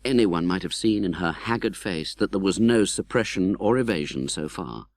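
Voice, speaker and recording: A man reading an audiobook in scripted narration, expressive and dramatic, voicing the young hero's pleas. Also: low-pitched, moderate pace, no room sound.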